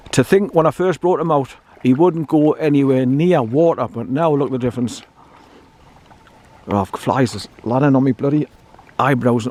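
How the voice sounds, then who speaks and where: A man's voice: mid-range voice, darkish tone. An older man, talking casually and bluntly while walking his dog outdoors by a stream, rambling and repeating himself. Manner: chatty, blunt, meandering, repeats words. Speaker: dog owner vlogger. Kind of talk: casual rambling walk-and-talk.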